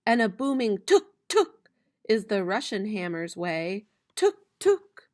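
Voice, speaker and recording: A woman's voice: medium pitch, lively intonation. A young woman teacher reading a picture book aloud to her students, playfully voicing the animal and object sounds. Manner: slow, playful reading with bright, loud animal-sound imitations.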